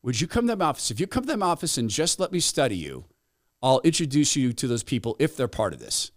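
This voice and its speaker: A man voicing a pushy female activist who claims to be a neurologist, shrill and insistent, repeating herself as she pleads. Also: big pitch swings, quick pace, no echo, clean studio sound. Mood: coaxing, insistent.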